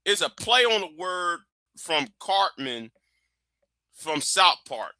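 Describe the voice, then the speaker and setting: A man's voice: sits high, big pitch swings, takes it slowly, sharp tone, no room sound. A man hosting a livestream, giving a blunt, profane and emphatic commentary rant. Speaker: livestream host.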